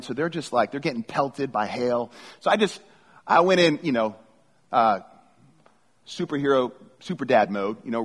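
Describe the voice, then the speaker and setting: A middle-aged man preaching a sermon as a pastor, reading scripture and telling stories casually, often restarting his phrases. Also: mid-range voice. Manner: conversational storytelling with repeated restarts. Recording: long hall reverb.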